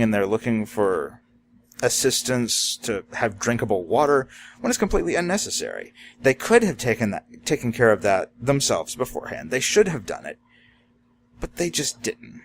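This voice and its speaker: A man's voice: mid-range voice, a little hiss or hum. A man vlogging about disaster preparedness in a casual, unscripted monologue. He talks in a plain, reflective way and often stops to say "you know" and "um". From Florida, USA.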